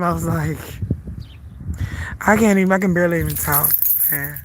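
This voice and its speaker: A middle-aged Southern US woman, a vlogger, livestreams while walking through a lake park, her low voice congested and hoarse from the flu. At a moderate pace, with a faint hiss or hum in the audio, she chats, rambles, and laughs often.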